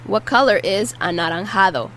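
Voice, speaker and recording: A woman's voice: mid-range voice, moderate pace, a bit bright, a little hiss or hum, poor audio. A woman teaching a language lesson, patiently repeating each word and explaining how to pronounce it. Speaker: Spanish teacher. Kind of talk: vocabulary lesson with repetition drills.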